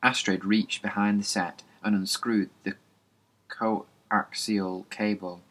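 A man's voice: on the low side, little pitch movement, takes it slowly, fairly bright tone. A man reading a novel aloud as an audiobook, plainly, with small slips and restarts. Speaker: reader.

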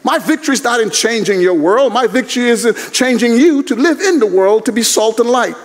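A man preaching a chapel sermon in a voice pitched very high for a man. His delivery is emphatic and conversational, full of rhetorical questions, and the sound echoes around the large hall. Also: animated, a little fast. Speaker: guest chapel speaker, pastor. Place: university chapel.

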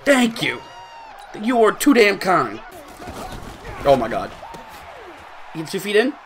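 A young man giving excited live commentary on his own football video game match, swinging between muttering to himself and loud shouting. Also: high-pitched, slow, over a noisy crowd, heavy background noise. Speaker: gaming streamer.

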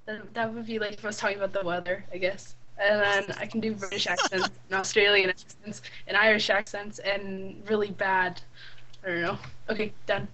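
A woman's voice: mid-range voice, little pitch movement, brisk, pushed and bright, low-quality recording. A teenage woman on a casual group podcast, talking hesitantly with lots of fillers.

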